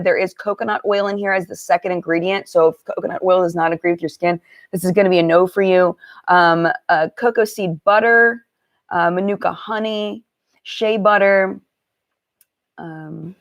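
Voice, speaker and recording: A woman hosting a casual live-stream chat, greeting viewers one by one and talking about makeup products. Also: medium pitch. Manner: chatty, warm greetings to viewers, many fillers. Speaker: beauty channel host.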